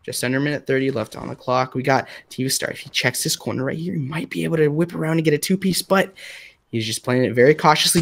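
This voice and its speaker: A man casting a mobile shooter match live, with excitable play-by-play full of fillers. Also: a little high, brisk, a little hiss or hum. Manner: excitable caster with frequent fillers. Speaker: esports commentator.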